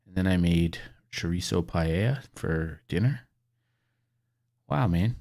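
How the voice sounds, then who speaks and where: A man's voice: low voice, animated, slow, vocal fry, darkish tone. A middle-aged man chatting casually and rambling while gaming, swearing freely as he goes. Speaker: gaming video creator.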